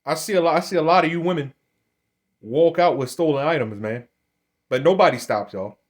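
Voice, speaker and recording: A man's voice: a little high, fairly quick. A man giving blunt, confrontational commentary to camera. He often repeats himself, restarts his sentences and keeps calling his listeners "man". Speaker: religious commentator.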